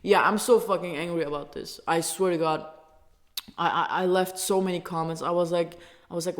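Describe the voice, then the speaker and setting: A woman's voice: on the low side, steady tone, brisk. Angry profane woman ranting. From Turkey. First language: Turkish. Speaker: vlogger. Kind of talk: angry casual rant.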